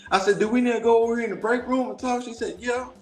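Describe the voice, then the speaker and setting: Animated high-voiced man, echoey. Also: soft background music. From Dallas, Texas. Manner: animated, preachy storytelling with quick voice shifts. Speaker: guest. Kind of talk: casual storytelling.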